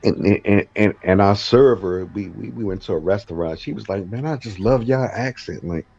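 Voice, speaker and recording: A man's voice: lowish voice, moderate pace, gravelly, a little mellow, breathy edge, no echo, highs cut off. A man speaking as a guest on a casual panel chat, emphatic and slangy, repeating himself as he builds a point. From Philadelphia.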